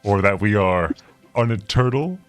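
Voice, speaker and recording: Deep male player voicing his character with measured gravity; soft music bed. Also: expressive, no echo. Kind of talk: in-character tabletop role-play.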